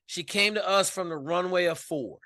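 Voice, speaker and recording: A man with a bright, forceful voice pitched a little high tells stories on a podcast. His delivery is emphatic, colloquial and animated. The sound is dry and close. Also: moderate pace, no room sound. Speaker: podcast guest. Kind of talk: casual storytelling interview.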